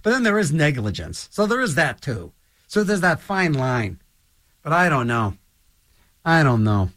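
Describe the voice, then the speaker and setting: A man's voice: a little high, very animated, a little slow, fairly bright tone, no room sound, clean studio sound. A man hosting his own show in a rambling solo monologue, full of restarts and stammers.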